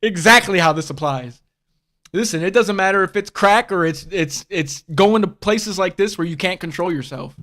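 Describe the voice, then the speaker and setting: A man's voice: sits high, normal speed, a bit bright. A man hosting a casual livestream chat, talking bluntly and profanely and rambling through restarts and fillers. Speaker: livestream host.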